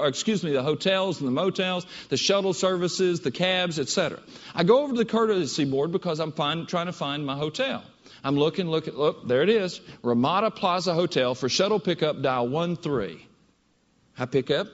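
A man giving a keynote talk, telling a story in an animated, conversational way. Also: high-pitched. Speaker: keynote speaker. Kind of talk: storytelling presentation. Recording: dull audio in a reverberant hall.

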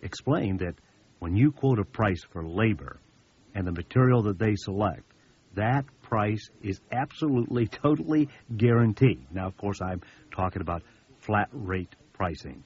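Husky folksy man giving sales training. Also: fairly low pitch, normal speed, darkish tone. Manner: folksy, anecdotal, emphatic repetitions. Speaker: business seminar speaker. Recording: dull lo-fi recording.

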